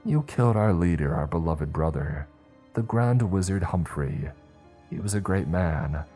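A man's voice: sits low, expressive, unhurried, warm tone, faint music behind. A man voicing a vain, chatty cult witch who shrieks and hisses at children. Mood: shrieking. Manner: hissing, indignant, rambling.

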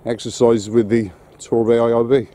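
A man's voice: medium pitch, level tone, moderate pace, mellow. A man talking casually to camera while out walking his dog on the coast, with grumbling, irritated asides. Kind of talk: casual walk-and-talk commentary. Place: outdoors on the coast.

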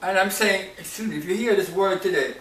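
A man's voice: sits high, brisk, a bit bright. Man preacher, raised voice, informal Bible talk, miked from a distance in a reverberant room. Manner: conversational, repeats "right?" and "you know". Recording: echoey room, voice off-mic.

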